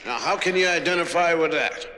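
A man's voice: on the high side, fairly quick, a loud crowd, very noisy. A man telling a rambling comic monologue full of hip slang. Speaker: comedian.

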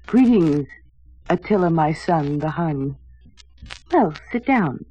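A fussy, doting mother who fusses over her son's every complaint. Her low voice swoops all over as she talks. It comes through a muffled old radio recording. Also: lively intonation, takes it slowly, dark tone, breathy edge, faint music behind, heavily acted. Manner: nagging, motherly, reasonable. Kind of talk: 1960s radio comedy sketch. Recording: dull old radio broadcast.

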